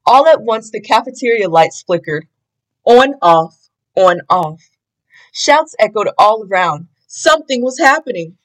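Slow, expressive woman reading a picture book. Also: medium pitch, rough recording. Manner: expressive, deliberate. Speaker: storybook reader.

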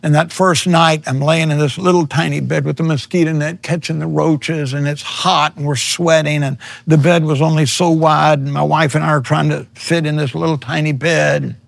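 Middle-aged male preacher, raspy gravelly voice, slightly higher pitch, earnest storyteller. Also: fairly even intonation, normal speed, few pauses, no room sound. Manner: earnest storytelling, acts out his own quotes louder. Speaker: missionary preacher. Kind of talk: personal testimony in an interview.

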